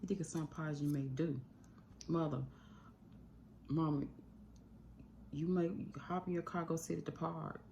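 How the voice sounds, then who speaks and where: Low gravelly woman talking into her phone. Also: steady tone, mellow, a little hiss or hum. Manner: earnest, rambling, slows and speeds up often. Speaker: YouTube channel host. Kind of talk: emotional talk to camera about grief. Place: at home indoors. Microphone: phone mic.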